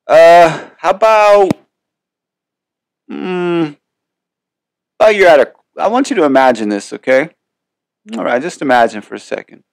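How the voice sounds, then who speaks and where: A man's voice: a little high, sing-song, normal speed, creaky, long pauses, no echo. Profane, rambling male podcast host. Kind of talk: casual motivational monologue.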